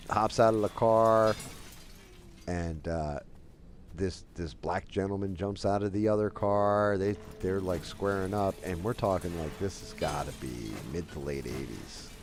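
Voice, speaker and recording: Deep-voiced man rambling through a story. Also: unhurried, slight background noise. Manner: rambling, loose, heavy with "like" fillers. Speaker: game streamer. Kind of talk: casual storytelling while gaming.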